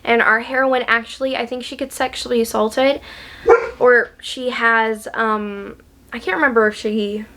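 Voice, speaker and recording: A woman's voice: fairly high pitch, fairly even intonation, a little slow, bright, forceful tone, slight background noise. A woman book vlogger in a casual chat, gushing and chatty, with lots of ums and likes.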